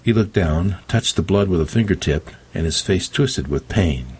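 A man's voice: deep voice, lively intonation, moderate pace, darkish tone, breathy edge. A man narrating an audiobook in the first person with dry, wry storytelling.

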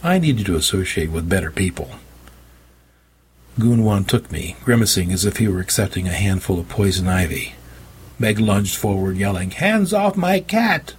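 A man narrating a story in the first person with a wry, deadpan delivery and a husky voice. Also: low-pitched, moderate pace, a little hiss or hum. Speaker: audiobook narrator.

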